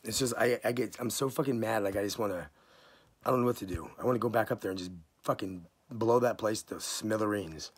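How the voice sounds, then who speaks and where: A man's voice: on the low side, fairly quick, breathy edge. A man ranting angrily to camera, swearing constantly, his voice jumping up in outrage. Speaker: vlogger. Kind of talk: angry profane rant to camera.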